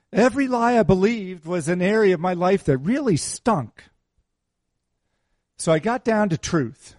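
A man with a high-pitched, somewhat dark voice delivers an informal, conversational sermon as a pastor, repeating key phrases for emphasis and tossing teasing asides at members of the congregation. The recording is clean studio sound with no echo.

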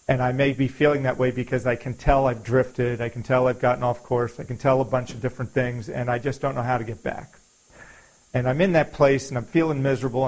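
A man's voice: medium pitch, a little mellow, poor audio. A man preaching a sermon in an earnest, confessional way, quoting scripture and repeating phrases for emphasis.

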